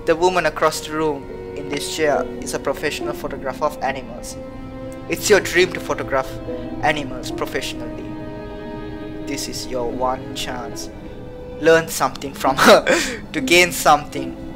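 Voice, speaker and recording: A woman's voice: low-pitched, normal speed, over music. A woman streaming a game live, chatting playfully, humming and reading the game's text aloud. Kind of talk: live let's-play commentary.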